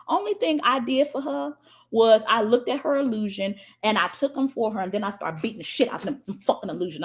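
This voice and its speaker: A woman's voice: fairly high pitch, fairly bright tone. A woman spiritual coach, giving a profane, dramatic motivational talk and reading out viewer comments. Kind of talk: live-stream motivational talk.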